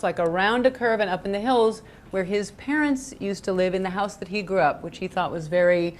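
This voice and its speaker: A middle-aged woman tells a dating story as a game show guest. Her delivery is wry and understated, and her voice jumps high when she acts out her own surprised reactions. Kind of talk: comic storytelling anecdote.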